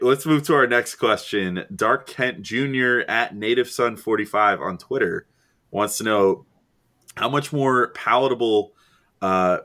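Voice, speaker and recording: A young man with a fairly low voice, co-hosting a laid-back sports podcast. He talks loosely, with lots of fillers and laughter, and reads listener mail aloud. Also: bright, forceful tone. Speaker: podcast co-host reading listener questions. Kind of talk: casual chat.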